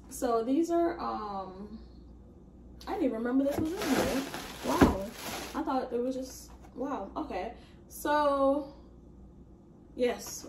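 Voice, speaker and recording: A woman hosting an unboxing video, chatting casually and excitedly to her viewers and calling them y'all. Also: a little high, very noisy. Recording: roomy echo, mic at a distance.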